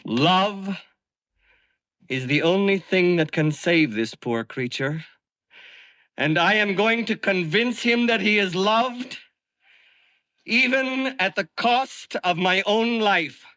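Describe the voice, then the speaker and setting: An actor playing a theatrical, excitable young male doctor in a comedy film, declaiming grandly and then gushing with flattery. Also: sits high, takes it slowly, pauses often, no echo, heavily acted. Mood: commanding. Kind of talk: 1970s comedy film acting.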